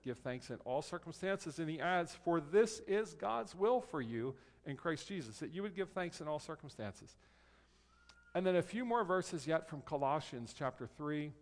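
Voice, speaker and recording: A man preaching a conversational sermon as pastor, reading scripture aloud in slow, careful phrases. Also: a little high. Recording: long hall reverb.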